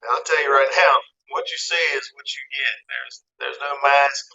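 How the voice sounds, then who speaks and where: A man hosting a casual live-stream chat about fishing, reading out viewer comments in a relaxed way. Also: mid-range voice, normal speed, creaky, low-quality recording. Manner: easygoing, reads viewer comments aloud.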